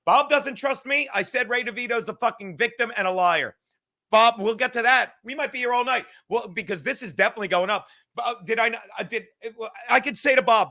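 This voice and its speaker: Reacting to clips on his podcast, this man speaks in a very high-pitched, sharp voice. His commentary is a sarcastic, swear-heavy rant that picks up speed quickly.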